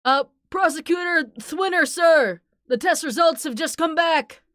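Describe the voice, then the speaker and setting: A woman's voice: extremely high pitch, unhurried, pitched above the performer's own voice. A woman voicing a young, eager police officer in a game who fawns over his superior. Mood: fawning. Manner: bright, eager and obsequious.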